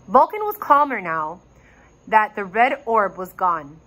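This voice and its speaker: A woman reads a children's chapter book aloud, her pitch swinging in lively arcs as she tells it. Her tone is bright, her voice slightly husky, and her pace slow and deliberate. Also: rough recording. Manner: expressive, animated storytelling. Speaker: reader.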